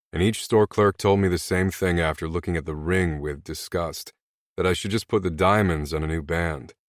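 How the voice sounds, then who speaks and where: A man's voice: low-pitched, no echo, clean studio sound. A man reading a novel aloud in first person as an audiobook narrator, in evenly read, scripted narration.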